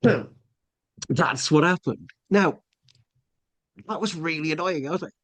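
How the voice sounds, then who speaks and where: A middle-aged man from England tells a long personal story as a podcast guest, rambling casually with many restarts and fillers. His voice sits high and is a bit bright, a little slow, with long pauses.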